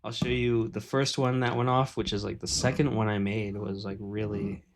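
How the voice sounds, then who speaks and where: Brief: man in his 30s, slightly low voice, loose rambling live-stream artist chat. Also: steady tone, moderate pace, slight background noise. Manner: rambling, filler-heavy, self-deprecating.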